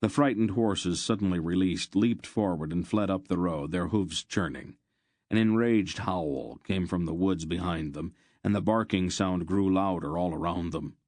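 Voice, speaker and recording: Deep-voiced male audiobook narrator. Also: normal speed, darkish tone, dry recording.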